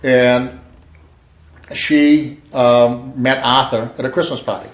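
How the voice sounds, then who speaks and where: A man telling a personal story casually, acting out the quoted lines of the people in it with lively emphasis. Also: medium pitch, slow pace. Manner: animated, acts out quoted dialogue. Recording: echoey room.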